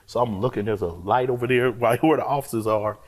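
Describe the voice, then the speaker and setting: A man with a husky, slightly breathy voice and a middling pitch, speaking as a pastor. He tells his story in an expressive, colloquial way, often voicing his own thoughts aloud. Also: fairly quick. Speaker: pastor, guest. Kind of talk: storytelling testimony in an interview.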